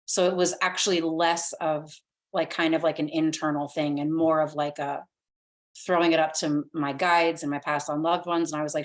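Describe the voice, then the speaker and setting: A woman's voice: sits low, flat delivery, moderate pace. A young woman chatting casually as a podcast guest, often saying "like" and acting out her own thoughts.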